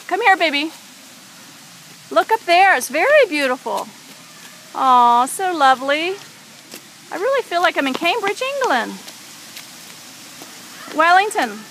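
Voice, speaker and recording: A woman's voice: high-pitched, sing-song, takes it slowly, pauses often, a bit bright, slight background noise, rough recording. A mother filming her small son in an outdoor garden, coaxing and teasing him in a playful way. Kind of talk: casual home video chat. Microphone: handheld camera mic.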